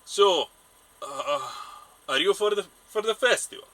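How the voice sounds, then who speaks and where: A man voicing an elderly male fisherman with an odd accent, speaking in loud exclamations. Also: sits high, lively intonation, a little slow, a little hiss or hum, voice pushed up. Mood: friendly.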